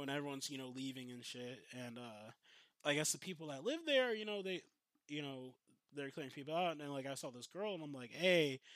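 A man's voice: mid-range voice, dry recording. A man casually telling a story with lots of swearing, acting out the lines of the people in it. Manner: profane, animated, acts out quotes.

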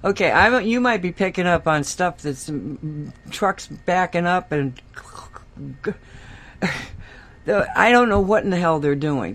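A woman hosting a relaxed conversation. She rambles through her stories, breaks into laughter often and jumps into little impressions of the people she quotes. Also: lowish voice. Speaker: host. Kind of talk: casual chat.

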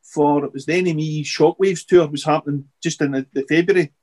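A middle-aged man with a slightly high voice, talking as a podcast guest. He rambles in a halting, easy way, repeating words as he gathers his thoughts. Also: fairly even intonation, darkish tone. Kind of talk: casual interview chat.

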